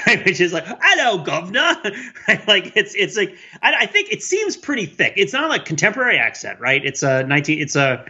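A man's voice: fairly high pitch, bright, forceful tone, husky, muffled recording. A man chatting casually about a movie, laughing often and restarting his sentences a lot. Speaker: film podcast co-host. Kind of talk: casual chat.

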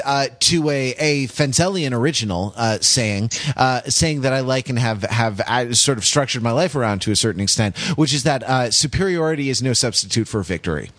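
A man's voice: medium pitch, lively intonation, moderate pace, a bit bright, no room sound. A man hosting a podcast, speaking hesitantly with stammered starts in casual discussion. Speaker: podcast host.

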